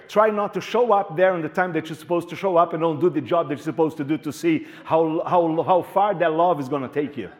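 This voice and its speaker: A male pastor preaching a sermon in an animated way, repeating words and joking with the congregation. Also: on the high side, fairly quick, few pauses.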